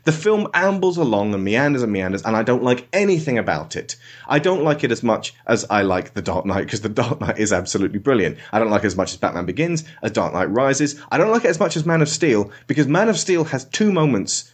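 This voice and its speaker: A man's voice: mid-range voice, big pitch swings, quick pace, few pauses. A man hosting a podcast, giving a casual, sarcastic spoken film review and slipping into mock voices.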